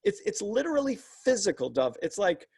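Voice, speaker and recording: A man's voice: high-pitched, very animated, brisk, gravelly, a little mellow, slightly rough. A man, a leadership coach and podcast guest, explains his work earnestly and step by step, often restarting sentences. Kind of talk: explanatory interview talk.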